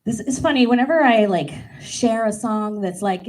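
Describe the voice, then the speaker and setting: A woman's voice: fairly high pitch, moderate pace, hardly any pauses, a little mellow, rough recording. A woman singer-pianist and piano teacher chatting casually between songs at a live performance, self-deprecating and laughing at herself, speaking into a stage microphone. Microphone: stage microphone while at the piano.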